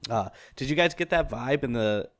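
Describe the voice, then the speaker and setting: Guy hosting a movie podcast, rambly, lots of likes and restarts, middling pitch. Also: expressive, moderate pace. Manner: rambling, many fillers and restarts. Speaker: podcast host. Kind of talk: casual film discussion.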